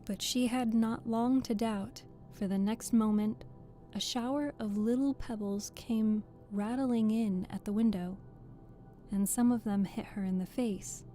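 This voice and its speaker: A woman with a Southern US accent reading a storybook aloud in a gentle, unhurried way. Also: on the high side, fairly even intonation, soft background music. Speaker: audiobook reader.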